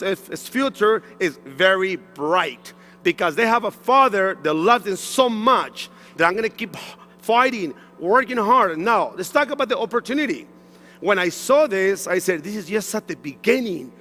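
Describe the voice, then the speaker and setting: A man's voice: sits high, animated, normal speed, bright, forceful tone, in a large hall. A man from Mexico giving an emotional personal testimonial on stage, repeating himself, with broken English phrasing. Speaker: stage speaker at a sales event. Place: large event hall on stage.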